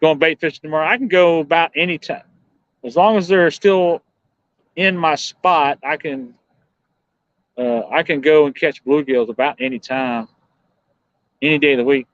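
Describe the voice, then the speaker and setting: A man with a slightly high voice talks through a night of fishing, relaxed and rambling as he answers viewers. The sound is dull and lo-fi, with a dry, close feel. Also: moderate pace, pauses often, dry recording. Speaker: fishing livestream host. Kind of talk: casual live-stream chat.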